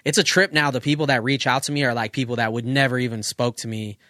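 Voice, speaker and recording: A man in his thirties tells stories in a relaxed, profane podcast chat, his mid-pitched voice recorded close and dry with no room sound. He speaks as a working photographer looking back on his life. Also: fast talker, dry recording. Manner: loose, profane, reflective storytelling. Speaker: guest photographer.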